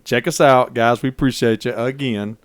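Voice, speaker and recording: A man's voice: mid-range voice, steady tone, normal speed, no echo. A man hosting a sports podcast, eager and laughing often. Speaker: podcast host. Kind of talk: casual chat.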